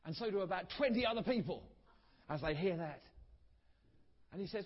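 A man preaching a sermon, earnest and storytelling, letting key words trail off softly. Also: high-pitched, lively intonation, fairly quick. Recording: dull recording in a reverberant hall.

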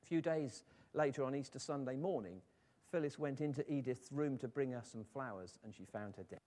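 A man's voice: medium pitch, fairly quick, mellow. A man preaching a sermon, telling a story in an earnest voice and rising to fervent appeals.

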